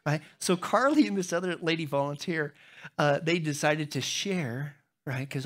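A middle-aged man preaching a sermon as pastor, telling funny stories to the congregation and jumping into high voices when he acts out other people. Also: moderate pace. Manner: humorous storytelling, talks to the crowd; animated, jumps into high squeaky voices when acting out others.

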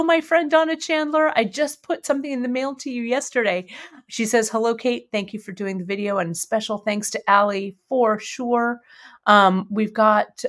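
A middle-aged woman hosting a live jewelry-making stream, chatting with viewers in a friendly, rambling way full of fillers. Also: fairly high pitch. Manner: chatty, warm greetings to viewers, many fillers. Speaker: bead shop host. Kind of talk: casual live-stream chat and jewelry demo.

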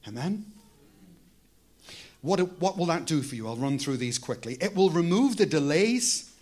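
A man preaching a sermon as pastor, talking in a conversational way and often asking the congregation "Amen?". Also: fairly high pitch.

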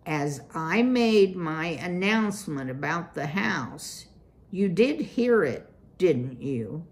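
A self-important father mouse from a storybook, talking in a formal, grand manner, as a woman reader puts him on. His voice sits low and unhurried, and he drags out his words. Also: sing-song. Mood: pompous. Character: pompous fussy father mouse, male elder.

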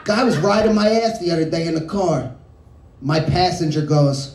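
A man's voice: fairly high pitch, normal speed, darkish tone. A man doing a profane, absurd stand-up set in a small bar, jumping between tangents. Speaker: stand-up comedian. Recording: echoey bar room, distant mic.

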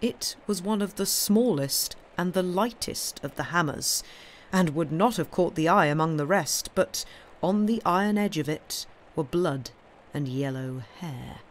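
A woman reading a classic detective story aloud in a steady storytelling voice. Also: fairly low pitch, unhurried, slight background noise. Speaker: reader.

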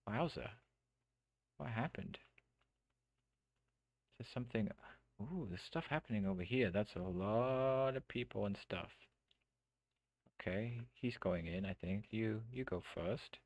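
A deep, low-pitched man rambles through a live game stream, thinking aloud and restarting his sentences often. His voice is close and dry, with no room sound around it. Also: lively intonation, a little slow, long pauses, no echo, lo-fi sound. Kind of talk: casual let's-play commentary. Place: home streaming setup.

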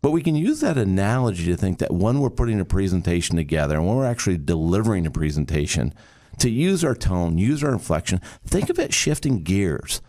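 A middle-aged man from Michigan hosting a podcast, talking in an animated, emphatic way and making playful sound effects. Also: sits low, fast talker. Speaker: podcast host. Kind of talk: casual podcast talk.

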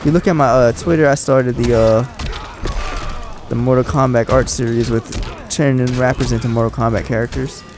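A young man hosting a casual let's-play, chatting excitably with frustrated outbursts. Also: medium pitch, normal speed. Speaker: gaming channel host. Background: game music and sound.

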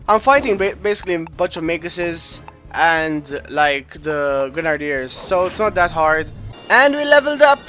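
Chatty young gamer guy, high voice. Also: a little slow, faint music behind. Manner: chatty, goofy, reacts out loud. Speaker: let's play gamer. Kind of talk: casual gameplay commentary.

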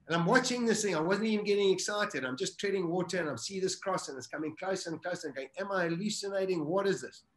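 A man's voice: high-pitched, quick pace, hardly any pauses, reverberant. A middle-aged South African man vividly retelling a survival story as an interview guest. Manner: vivid, animated retelling with acted-out self-talk.

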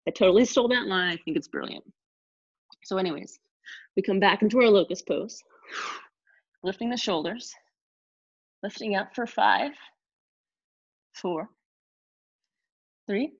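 A woman teaching a live online yoga class, giving calm step-by-step cues between sighs and exhales. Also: medium pitch, unhurried, pauses often, slightly rough, lo-fi sound. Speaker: yoga instructor.

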